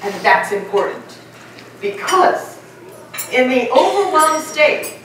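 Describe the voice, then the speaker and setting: A middle-aged woman giving a lively conference keynote and asking her audience questions. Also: sits high, takes it slowly, a little hiss or hum. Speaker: keynote speaker. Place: large conference hall. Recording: echoey hall, mic from far off.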